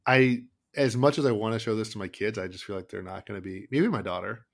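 A man's voice: on the low side, fast. A man in his thirties co-hosting a casual podcast, talking loosely with many "like"s and restarts about his kids. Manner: rambling, lots of "like" and restarts. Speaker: podcast co-host. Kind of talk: casual chat.

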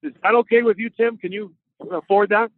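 A man's voice: high-pitched, fairly even intonation, fairly quick, no room sound. A man co-hosting a casual sports podcast, chatting in a playful, rambling way. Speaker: podcast co-host. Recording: dry, tinny phone-like line.

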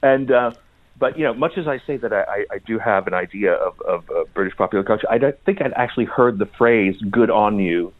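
A man's voice: on the low side, lively intonation, brisk, dry recording, phone-quality sound. Hesitant man chatting as a podcast guest. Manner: hesitant, repeats words, laughs often. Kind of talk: casual podcast chat.

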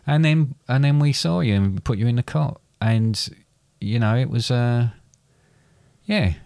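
A middle-aged man co-hosting a podcast, telling a family story in a halting, repetitive way. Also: medium pitch, creaky, a little mellow, no echo, clean studio sound. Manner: hesitant, repeats words, gets choked up. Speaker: podcast co-host, father. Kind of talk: casual storytelling chat.

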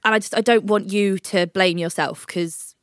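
A woman talks through tears over a video call, comforting her best friend. She swears freely and speaks at a middling pitch. The sound is dry and close. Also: steady tone, moderate pace, dry recording. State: crying. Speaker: podcast co-host. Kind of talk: emotional casual chat.

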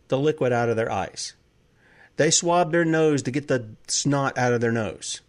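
A man hosting a talk show, delivering an impassioned political monologue full of heated rhetorical questions. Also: mid-range voice. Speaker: host.

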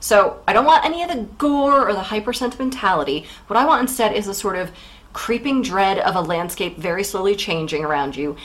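A woman's voice: mid-range voice, animated, a bit bright, rough recording. A woman co-hosting a book podcast in casual chat, candid and wry. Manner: candid, wry, quick asides. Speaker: podcast co-host.

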